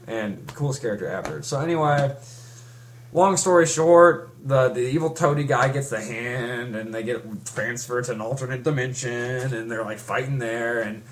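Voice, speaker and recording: A man's voice: medium pitch, normal speed, a little hiss or hum. A young man in casual chat, rambling through a story with many restarts and fillers. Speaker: fan recapping a comic.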